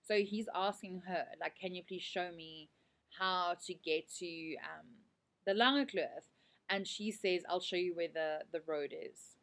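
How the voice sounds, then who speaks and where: A woman's voice: on the low side, measured pace, a bit bright. A woman teacher with a South African accent, explaining a set drama in a casual, chatty way full of fillers.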